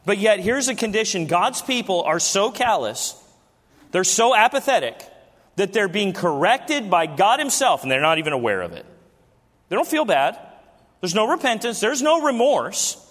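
During a service, a thirties-aged pastor with a notably high, slightly bright voice delivers a sing-song sermon at a moderate pace. He addresses the congregation conversationally as friends, repeatedly asking them rhetorical questions, as the big church hall adds long reverb.

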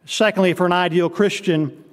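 High-voiced preacher man in a reverberant hall. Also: steady tone, normal speed. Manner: preaching with rhetorical questions to the congregation. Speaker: pastor. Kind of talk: evening sermon.

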